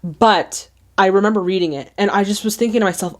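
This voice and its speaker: A woman's voice: mid-range voice, a little fast. Woman doing a movie reaction, chatty, lots of exclaiming, normal mid voice.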